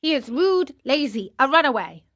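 A woman's voice: sits high, very animated, moderate pace, a bit bright, voice pushed up. A woman voicing a stern, wise male cricket who scolds sharply.

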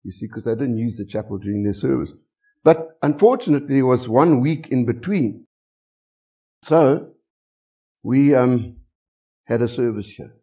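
Preaching with animated storytelling and plenty of rhetorical questions, a middle-aged South African English pastor holds a moderate pace and pauses often. His mid-range voice carries a breathy edge.

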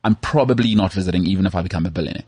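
A man's voice: deep voice, rapid-fire, husky, no room sound. A man co-hosting a sports podcast, telling jokey stories in casual chat. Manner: joking, animated storytelling with frequent "mate" and laughs. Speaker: podcast co-host.

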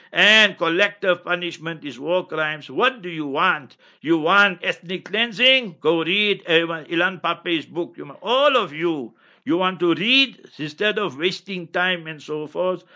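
A man answers listener questions on a radio podcast, scolding and emphatic like a preacher. His voice sits a little high and sounds bright and forceful. The recording is slightly dull and muffled.

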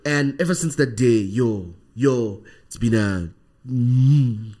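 A man with a South African accent, a podcast guest telling a personal story in animated conversation, often ending sentences with "right?". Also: medium pitch, slow pace.

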